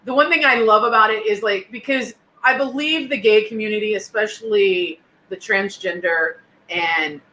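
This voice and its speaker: A woman's voice: medium pitch, moderate pace, few pauses, pushed and bright, echoey room, low-quality recording. A woman co-hosting a casual chat, talking in an earnest, reflective way and often checking in with "you know what I mean.". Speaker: co-host.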